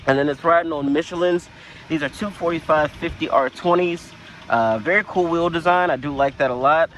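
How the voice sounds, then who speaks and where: A man reviewing a vehicle in a casual walkaround, talking in a relaxed, conversational way with plenty of fillers, recorded outdoors. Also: on the high side, brisk, a little hiss or hum. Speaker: car reviewer.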